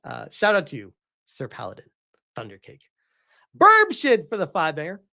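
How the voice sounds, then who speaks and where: A woman streams and answers her chat in a loose, casual way. Her pitch leaps around expressively as she fires off incredulous questions, and she swears freely. She sounds like a host reading donations and pushing back hard. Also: normal speed, vocal fry. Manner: animated, incredulous ranting with frequent swearing. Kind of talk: casual livestream commentary.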